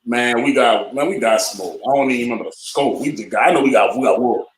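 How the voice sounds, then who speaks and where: A man co-hosting a podcast, telling stories in casual chat with a loud, teasing manner. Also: medium pitch, fast talker, echoey room, a little hiss or hum. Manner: animated, laughing storyteller, breaks into loud teasing. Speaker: podcast co-host.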